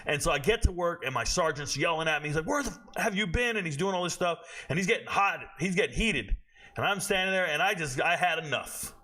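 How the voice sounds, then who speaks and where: A man around forty with a high, bright, forceful voice, ranting casually about sports. He talks bluntly with plenty of swearing and keeps drifting off into personal tangents. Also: quick pace. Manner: blunt, profane, rambling into tangents. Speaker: sports commentator and show host. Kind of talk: casual opinionated rant.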